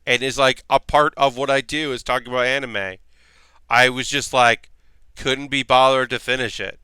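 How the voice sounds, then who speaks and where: Bright, crisp-voiced man chatting on stream. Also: mid-range voice, steady tone, normal speed, dry recording. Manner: rambling, profane, answers chat aloud. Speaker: livestream host. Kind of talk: casual livestream chat.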